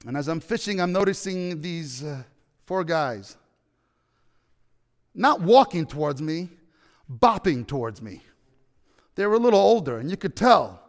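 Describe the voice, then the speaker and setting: High-voiced preacher guy telling a story, does all the voices, asks the crowd stuff. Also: measured pace, long pauses, big-room sound. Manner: animated storyteller, acts out dialogue, asks the audience questions. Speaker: pastor. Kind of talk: storytelling sermon.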